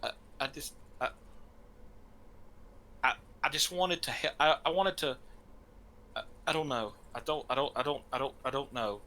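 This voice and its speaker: A man's voice: medium pitch, bright, forceful tone. A man voicing a remorseful young man who stammers and halts in a tabletop game. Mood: ashamed. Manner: stammering, halting.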